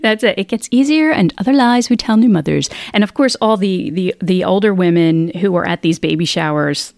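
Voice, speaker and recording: A woman's voice: mid-range voice, brisk, creaky, darkish tone, no room sound, studio quality. A middle-aged woman author talking candidly in a casual interview, rambling with frequent restarts. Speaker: author guest.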